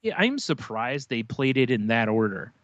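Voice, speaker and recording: A man's voice: medium pitch, very animated, normal speed, fairly bright tone, dry recording, highs cut off. A man co-hosting a podcast, chatting casually with loose profane banter. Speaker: podcast co-host. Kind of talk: casual chat.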